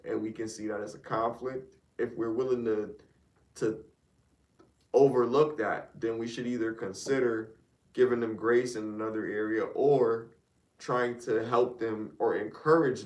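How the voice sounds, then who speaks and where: A man's voice: fairly low pitch, fairly even intonation, unhurried, darkish tone, recorded from a distance. A man co-host in a casual group chat, speaking emphatically and lecturing about relationships. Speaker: podcast co-host. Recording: roomy sound from off-mic.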